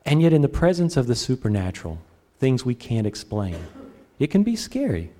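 A middle-aged man preaching a sermon, animated and joking, acting out his own prayers. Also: medium pitch, moderate pace. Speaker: pastor.

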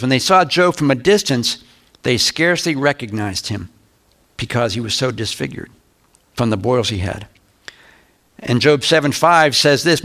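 An older man preaching a verse-by-verse Bible lesson, reading scripture aloud slowly and turning to the congregation with conversational asides. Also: mid-range voice, fairly bright tone. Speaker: pastor. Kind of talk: Bible teaching sermon.

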